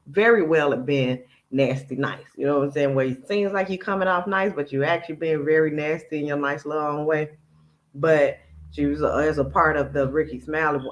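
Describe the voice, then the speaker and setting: A slightly high male voice comes through a low-quality recording. He's the host of a casual commentary channel, chatting away while he quotes and critiques someone else's statements.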